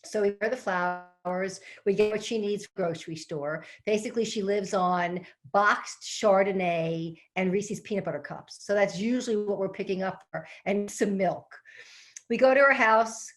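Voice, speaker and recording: A middle-aged woman talks from her home office on a webinar. Her pitch sits in a middle range, and she speaks like a professional speaker, chatty and lively. She addresses her audience directly as she tells a story. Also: moderate pace. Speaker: professional speaker and organizing expert. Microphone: computer mic on a live webinar.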